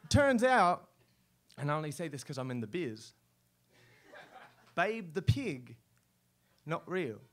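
A man's voice: a little high, a bit bright, a little hiss or hum. Man doing a chatty lizard mascot. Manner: breezy, rambling, self-mocking, full of fillers. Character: chatty male lizard mascot, showbiz-proud, secretly lonely. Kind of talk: spoken word performance. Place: live stage at a poetry club.

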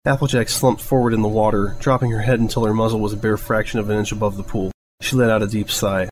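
A man narrating a fan story aloud in a steady, even reading voice. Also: lowish voice, quick pace, slight background noise, poor audio. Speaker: fanfiction reader. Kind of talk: audiobook narration.

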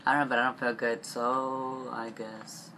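A young man rambling in a confessional vlog, upset and stressed, halting and trailing off with frequent swearing. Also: medium pitch, level tone, bright, forceful tone, a little hiss or hum.

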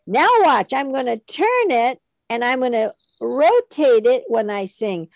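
A woman teaching a children's music lesson online, leading call-and-response singing in an animated, coaxing way. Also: fairly high pitch, a little slow, no echo.

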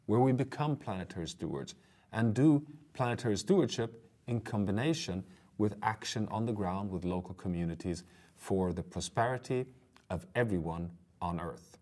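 A man with a low, deep voice lectures for an online course. He speaks earnestly and stresses his key points, talking straight to his viewers. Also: normal speed, a little mellow. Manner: earnest, emphatic, addresses viewers directly.

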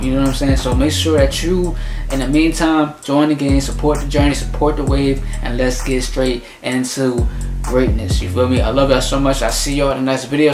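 Slangy male reaction host, roomy sound. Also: medium pitch. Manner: slangy, keeps asking "you feel me". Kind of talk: casual reaction commentary. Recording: roomy room with clear music.

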